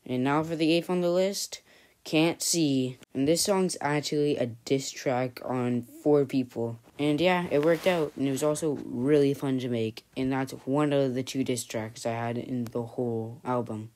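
Chatty offhand vlogger, mid-pitched voice. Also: steady tone, measured pace, darkish tone. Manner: chatty, loose and offhand, leaning on fillers like "and yeah" and "honestly". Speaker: channel host. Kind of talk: casual vlog recap.

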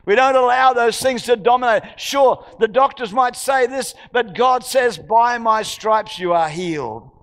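A man's voice: very high voice, measured pace, hardly any pauses, fairly bright tone. A man from Australia preaching a sermon as a pastor, emphatic, with repeated phrases and rhetorical questions to the congregation. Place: church hall. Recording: church hall with long reverb.

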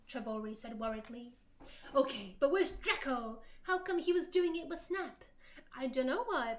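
Woman, livestream guest, high voice, mock-dramatic fan fiction reading, laughing. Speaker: guest co-streamer.

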